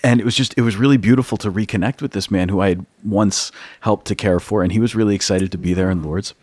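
Young east coast priest, lowish voice, dry close sound, animated storyteller who laughs a lot. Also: male voice, fast talker, dry recording. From United States, East Coast. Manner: animated storyteller, acts out quotes, laughs often. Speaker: priest and podcast host. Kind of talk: storytelling in casual conversation.

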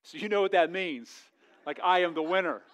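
A middle-aged man, a pastor preaching a sermon in a church, jokey and animated, swinging between loud and hushed. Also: sits high, brisk. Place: church sanctuary.

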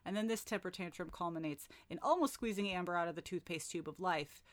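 A woman's voice: fairly low pitch, quick pace. A woman recapping a book chapter for friends in a casual, joking way, with wry asides. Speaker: book podcast host.

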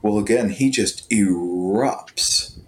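A middle-aged man, a podcast guest, telling a personal story in an animated, chuckling way. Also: fairly low pitch, slow pace. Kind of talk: conversational storytelling.

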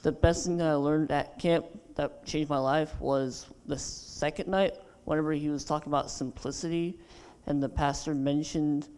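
A man's voice: on the high side, steady tone, moderate pace, darkish tone, smooth. A young man earnestly sharing what he took away from camp. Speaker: camp attendee giving a testimony. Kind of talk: casual testimony.

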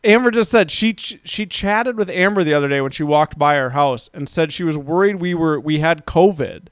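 A man in his thirties telling a story in a casual, profane rant that grows heated and loud. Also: a little high, animated, moderate pace, clear, resonant tone, dry recording, studio quality. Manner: ranting, profane, gets heated and loud when recounting.

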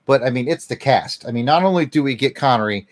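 A man co-hosting a casual movie podcast, enthusiastic and quick to laugh. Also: mid-range voice, expressive, no echo. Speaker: podcast co-host.

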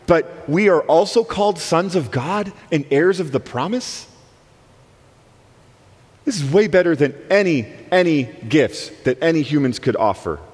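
A man's voice: on the high side, lively intonation, unhurried, breathy edge. Emphatic male preacher in a reverberant church. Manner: emphatic, swinging between soaring and hushed delivery. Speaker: guest preacher. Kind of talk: sermon. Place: church sanctuary. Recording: long reverb of a church hall.

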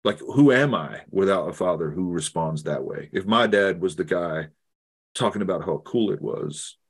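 A middle-aged man with a very low voice tells a personal story during an interview. He speaks earnestly and haltingly, often restarting his sentences. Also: animated, husky. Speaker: guest theologian. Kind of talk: reflective storytelling in conversation.

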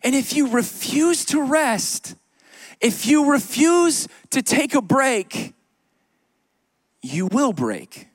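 A man's voice: extremely high pitch, takes it slowly, dry recording, studio quality. A man preaching a sermon to a congregation in church, conversational, with joking asides and repeated key lines. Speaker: pastor. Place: church sanctuary.

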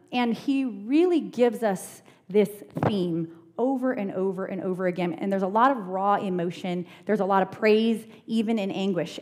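A woman leading a Bible study, reading a psalm aloud, then explaining it in a relaxed, chatty way with frequent "um"s, into a microphone. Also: medium pitch. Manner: reads scripture slowly, then explains in relaxed chatty asides with many "um"s. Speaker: Bible teacher. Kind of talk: church Bible study teaching. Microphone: handheld or stand microphone.

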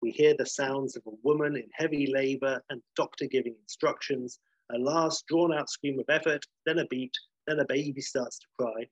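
A man, casually pitching and reading out a film script, rambling and correcting himself as he goes. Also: steady tone, normal speed, no room sound, poor audio. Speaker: podcast host pitching a film idea.

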